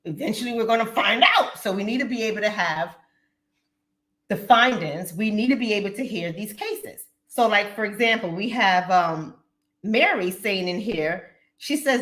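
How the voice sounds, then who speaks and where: A woman hosting her channel, chatting casually and talking straight to her viewers in an animated way. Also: mid-range voice, normal speed. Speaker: channel host. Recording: roomy echo.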